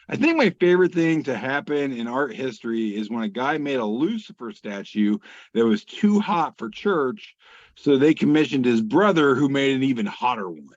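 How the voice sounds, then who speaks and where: A man's voice: medium pitch, no room sound. Wry man reading memes on a call. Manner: reads captions aloud, wry asides, swears casually. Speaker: co-host. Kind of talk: casual chat reading memes aloud. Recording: dull lo-fi call audio, dry.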